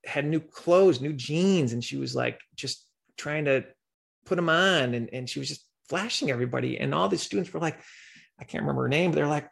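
A middle-aged man hosting a podcast, telling stories and dreams in an earnest, animated monologue with voiced quotes. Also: on the high side, fairly quick, vocal fry. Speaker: podcast host sharing dreams. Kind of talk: casual monologue.

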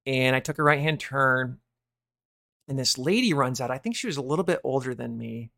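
A man's voice: mid-range voice, brisk, gravelly, no echo, clean studio sound. A man in his fifties hosting a Christian ministry podcast, giving an earnest, confessional testimony. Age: 50s. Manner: earnest, confessional, trails off quietly. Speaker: host of a watchman ministry podcast. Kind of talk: casual religious testimony.

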